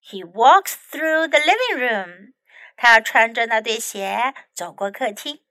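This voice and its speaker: A woman English teacher reading a children's story aloud and then teaching words from it, slowly and carefully. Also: on the high side, expressive, bright, forceful tone, no room sound.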